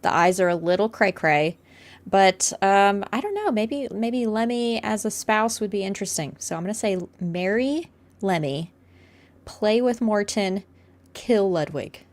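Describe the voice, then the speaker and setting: A woman co-hosting a casual chat, laid-back, thinking aloud with ums and drawn-out words. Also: mid-range voice, lively intonation. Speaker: podcast co-host.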